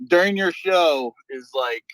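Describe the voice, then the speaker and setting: A man's voice: a little high, expressive, a bit bright, no echo, rough recording. A man working as an aircraft maintenance supervisor, chatting casually and profanely on a group call from his job on an air base. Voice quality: profane, rambling, says he talks fast.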